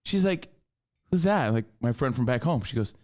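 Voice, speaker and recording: A man's voice: medium pitch, fast. A man co-hosting a podcast, telling stories in casual, joking chat. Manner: joking, lively storytelling. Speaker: podcast co-host.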